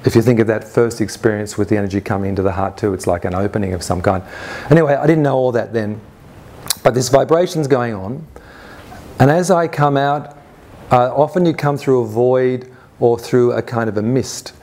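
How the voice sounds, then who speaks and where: A man at a mid-range pitch tells a personal story to a summit audience. He talks earnestly and conversationally, reliving events in the present tense, with frequent restarts and little fillers. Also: fairly quick, a little mellow. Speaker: conference speaker. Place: summit stage before an audience.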